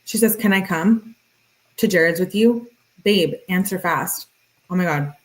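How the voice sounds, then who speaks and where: A woman hosting a true-crime video, reading text messages aloud in a flat, matter-of-fact voice with casual asides. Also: lowish voice, unhurried, poor audio.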